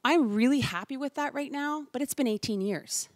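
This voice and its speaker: A woman in her forties from Canada, giving a lively storytelling talk to a live audience and acting out the voices of the people in her stories. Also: sits high, moderate pace, no room sound, clean studio sound. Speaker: keynote speaker. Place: large event hall before a live audience.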